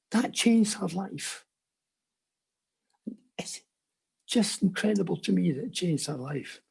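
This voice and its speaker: An older man telling his personal faith story in an earnest storytelling manner with quiet asides. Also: high-pitched, animated, slow, creaky, long pauses, husky. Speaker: conference speaker. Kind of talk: personal testimony.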